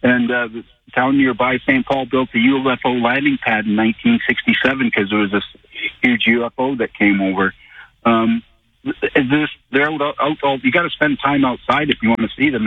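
A man from Canada phones in to a radio show and rambles through a halting story. His voice is husky and dry. It comes over a tinny phone line from a distance. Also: mid-range voice, no echo. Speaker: caller. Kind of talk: phone-in call.

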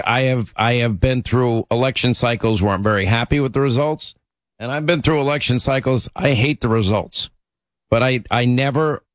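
A male talk radio host fielding callers in a studio, his voice close and dry with no room sound. He speaks at a middle pitch, pressing his points with emphasis and frequent restarts. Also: no echo. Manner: emphatic, restarts sentences often.

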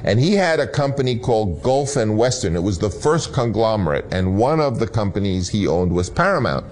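Male filmmaker telling an animated anecdote. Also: fairly low pitch, brisk. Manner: animated, acts out voices in anecdotes. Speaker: filmmaker, interviewee. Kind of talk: anecdotal storytelling.

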